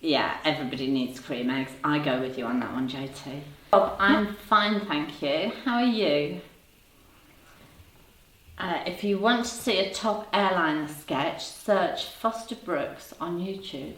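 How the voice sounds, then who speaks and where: A woman's voice: low-pitched, a little slow. A woman in her fifties hosting a casual livestream, chatting and teasing viewers in the chat. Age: 50s. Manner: chatty, teasing, laughs often. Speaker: livestream host reading chat. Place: home room. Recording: roomy sound, voice a bit far from the mic.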